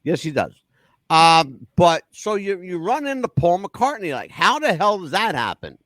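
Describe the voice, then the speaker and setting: A man hosting a casual talk-radio show, talking in a fairly high voice that swings widely up and down. His patter is crude and profane, full of animated storytelling. The sound is dry and close. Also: measured pace, no room sound. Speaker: radio host.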